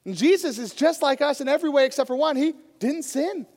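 A man's voice: very high-pitched, fairly quick, darkish tone, in a large hall. A man preaching a sermon as a pastor, telling a story and acting out the voices in it. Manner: storytelling, acts out quoted voices.

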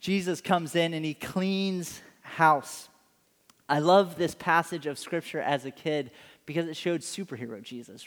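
A man preaching a sermon, telling stories in an animated way and acting out the scenes. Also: a little high, long reverb tail. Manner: animated storytelling, acts out scenes. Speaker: pastor.

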